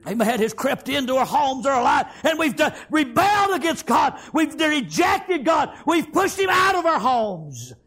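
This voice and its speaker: A male preacher telling a story in a sermon, punctuated with amens and shouted lines. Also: very high voice, big pitch swings, moderate pace, few pauses.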